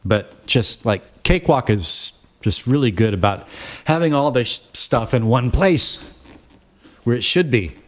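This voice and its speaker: A man hosting a casual software tutorial, rambling through the steps with frequent fillers and self-corrections, recorded at his home computer setup. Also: medium pitch, animated, measured pace. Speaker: tutorial host.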